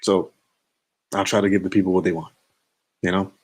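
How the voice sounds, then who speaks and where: A man's voice: low-pitched, flat delivery, a little fast. A young man streaming late at night, chatting in a laid-back, slangy, rambling way and chuckling to himself. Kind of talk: casual late-night live stream chat.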